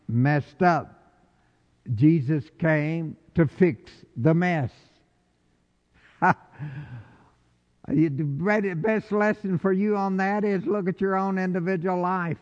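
A male preacher delivers a slow, deliberate sermon, his voice sitting a little high for a man. His words swing between ringing calls and hushed, low lines. The sound is dull and lo-fi, with a long reverb trailing off the walls of a big hall.

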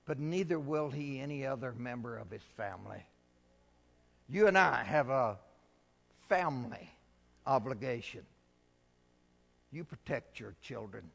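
A middle-aged man, a pastor, preaching a sermon, swinging from loud declarations to hushed, tender passages. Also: mid-range voice, animated, unhurried, vocal fry, long pauses, soft background music. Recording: hall reverb.

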